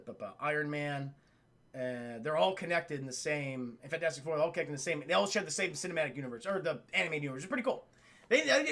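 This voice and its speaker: A man live-streaming to his chat, excitedly recapping a cartoon episode, swearing often and acting out the characters' lines. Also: sits high.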